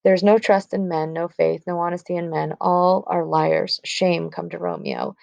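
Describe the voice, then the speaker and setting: A woman's voice: lowish voice, level tone, normal speed, vocal fry, a little mellow, no room sound, muffled recording. A woman reading the lines of a distraught, torn young bride from a classic stage play, in a plain reading voice. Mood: anguished. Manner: read aloud plainly from the script. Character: young teenage girl, newly wed, distraught and torn.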